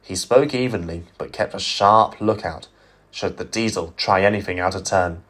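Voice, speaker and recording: A man narrating a fan-made storybook tale in an expressive storytelling voice. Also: low-pitched, normal speed.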